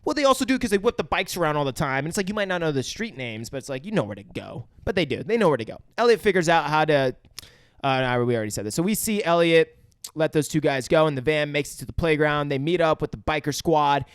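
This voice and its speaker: A man's voice: fairly high pitch, lively intonation, quick pace, smooth, dry recording, clean studio sound. A young man co-hosting a podcast, recapping a movie in casual chat, swearing and acting out lines. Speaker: podcast co-host.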